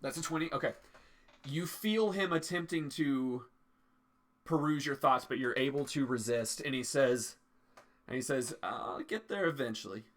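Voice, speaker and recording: A man narrating a tabletop game as game master, in a relaxed way with many fillers. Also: medium pitch, unhurried, pauses often.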